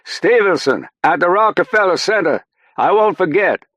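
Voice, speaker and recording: A man's voice: low-pitched, normal speed, slightly rough, dry recording. A man voicing an easygoing airman who is a doctor. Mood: shouting. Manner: easygoing, shouting over crowd later.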